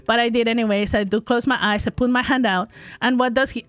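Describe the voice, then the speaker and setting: A woman in her forties telling a long story to her chat while gaming, animated and exaggerated, full of asides and repeated phrases. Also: a little high, normal speed, no room sound. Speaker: streamer.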